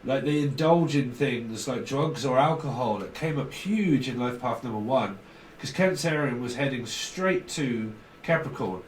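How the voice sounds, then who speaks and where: A man's voice: medium pitch, animated, measured pace, few pauses, reverberant, distant mic, slight background noise, low-quality recording. A man giving a casual tarot reading, rambling and blunt, swearing freely. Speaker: tarot reader.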